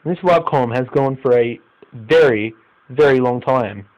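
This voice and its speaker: A young man with an Australian accent giving live commentary on a football management game, swinging from low muttering to loud exclamations and swearing. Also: measured pace, lo-fi sound. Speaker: gaming YouTuber.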